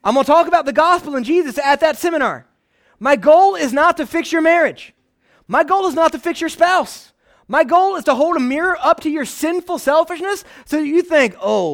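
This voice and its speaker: A pastor preaching a casual, animated sermon, often checking in with his listeners. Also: extremely high pitch. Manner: conversational, animated, frequent "right?" asides.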